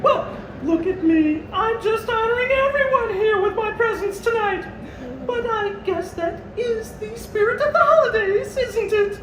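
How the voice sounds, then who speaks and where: A vain diva pig, super high, slow drawl, fake french flair, echoey w/ music. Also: fairly bright tone, a little hiss or hum. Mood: grandiose. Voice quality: French-flavoured diva affectation. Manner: grandiose, self-important, with frequent laughs. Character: vain diva female pig, theatrical and self-adoring. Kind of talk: live stage show performance. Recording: echoey outdoor show audio with music.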